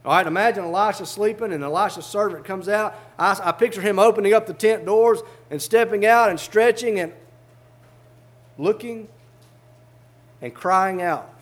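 A man with a notably high speaking voice preaches a fervent sermon. He reads scripture in old-fashioned wording and then explains it to the congregation in plain, everyday terms. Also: moderate pace.

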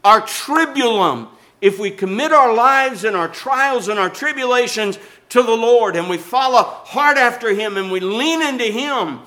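A man's voice: extremely high pitch, bright, forceful tone. An older man preaching a sermon, rising and falling in intensity and calling for amens. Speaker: pastor.

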